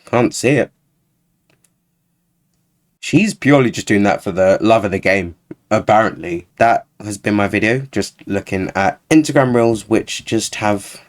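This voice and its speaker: A man's voice: fairly low pitch, unhurried. A man giving casual, sarcastic reaction commentary as a YouTuber, sounding exasperated.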